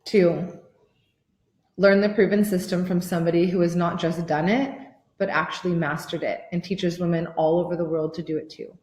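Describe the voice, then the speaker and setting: A woman in her thirties, a life coach giving a motivational workshop pitch, gushing and excitable and swearing freely. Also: moderate pace, roomy sound. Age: 30s.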